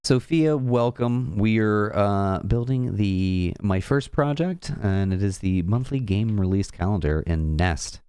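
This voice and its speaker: Rambling streamer man, smooth low voice. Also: slow pace, few pauses, mellow, no room sound, clean studio sound. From American South. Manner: chatty, rambling, banters with chat. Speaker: programming livestream host. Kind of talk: casual livestream chat.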